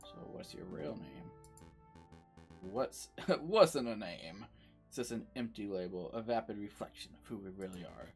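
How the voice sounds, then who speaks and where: A man's voice: on the low side, lively intonation, moderate pace, soft background music. A man voicing a theatrical male bird prisoner who talks in a flowery, storytelling way. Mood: sly. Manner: flowery, storytelling, French-flavoured address.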